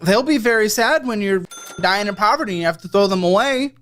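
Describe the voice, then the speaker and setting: A woman's voice: mid-range voice, expressive, fairly quick. A woman interviewing a guest about money, blunt and scolding. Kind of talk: financial interview.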